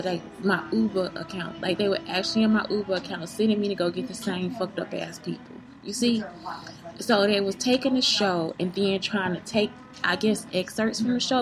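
A woman's voice: medium pitch, rough recording. Heated woman venting with music behind. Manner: heated, profane, keeps asking "you see what I'm saying?"; rambling, circling back on herself. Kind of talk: unscripted venting monologue.

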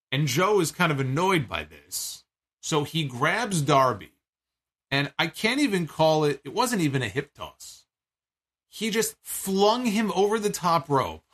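A man with a bright, forceful voice talks through a wrestling match in a loose, unscripted recap. He is animated and incredulous, swears freely, and stumbles over restarts and fillers as he goes. His pitch sits in an ordinary middle range. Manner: animated, profane, incredulous storytelling. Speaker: wrestling show reviewer. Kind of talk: casual spoken recap.

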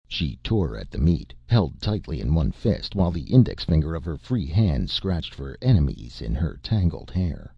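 A man narrating a novel as an audiobook, in a measured storytelling manner. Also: a bass voice, big pitch swings, warm tone, breathy edge, no echo, lo-fi sound. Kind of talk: scripted narration.

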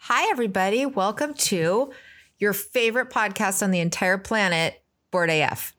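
A woman co-hosts a podcast, chatting casually with dry, teasing humor. Her mid-range voice is fairly bright, and she speaks at a normal speed.

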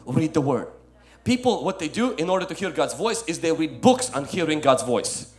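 A male pastor preaching a sermon, swinging from loud emphatic lines to soft ones and calling listeners "my friend". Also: a little high, sing-song, normal speed, soft background music.

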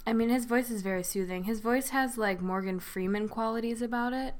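A woman's voice: a little high, a little fast. A woman co-hosting a podcast, laid-back and dry-humored, talking casually and giggling. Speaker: podcast co-host. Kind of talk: casual chat.

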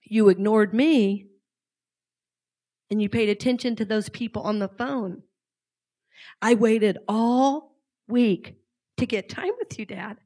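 A woman's voice: medium pitch, slow pace, pauses often, dark tone. A woman voicing a hurt young girl who reproaches her father, quoted in a spoken talk.

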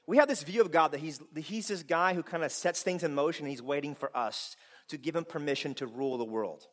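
A man preaching a sermon to a congregation, animated and playful, with loud bursts of laughter. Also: on the high side, brisk. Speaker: pastor.

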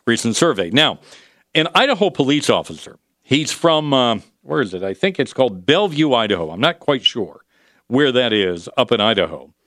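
A male talk radio host giving conversational commentary, pausing often on fillers. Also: medium pitch, very animated, a bit bright, no room sound, studio quality. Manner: conversational, with frequent filler pauses.

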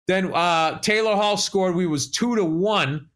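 A man with a slightly high voice talks sports on a casual chat show. He rants in a lively, loose way, swearing freely as he tells his stories. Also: measured pace. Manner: animated, profane sports rant. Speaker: podcast co-host.

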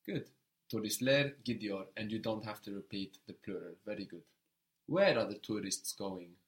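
A man's voice: lowish voice, animated, normal speed. A man teaching a language lesson, patiently prompting a student and repeating her answers.

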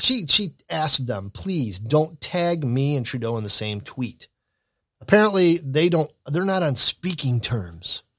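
Blunt and opinionated, a Michigan-born commentary host rambles through casual news and political talk, often starting his sentences over. He speaks at a medium pitch with a fairly bright tone, and the studio recording is clean and dry.

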